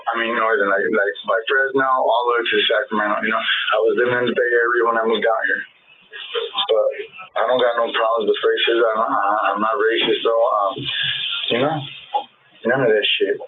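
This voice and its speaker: A man's voice: lowish voice, steady tone, a little fast. Profane rambling man on tinny tape. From Northern California. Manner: rambling, profane, re-enacts arguments. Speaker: interview subject. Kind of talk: police interrogation statement. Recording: tinny lo-fi interrogation recording with faint hiss.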